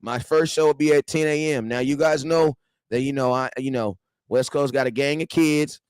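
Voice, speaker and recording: A man in his thirties hosts a loose livestream fan show. He greets viewers, repeats himself and banters in easy slang. His voice sits at an ordinary pitch and is recorded dry and close to the mic. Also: fairly even intonation, normal speed, darkish tone, clear, resonant tone, no echo. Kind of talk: casual livestream chat.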